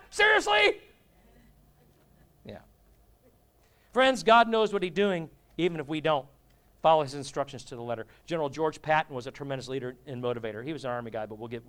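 Brief: male pastor, conversational sermon with humor, slightly high pitch, turns questions on the crowd. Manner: humorous, conversational, asks the congregation.

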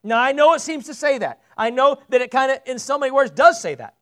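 High-voiced pastor preaching conversationally. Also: male voice, animated, fast, a bit bright. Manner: conversational, asks the congregation questions. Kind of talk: sermon. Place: church sanctuary.

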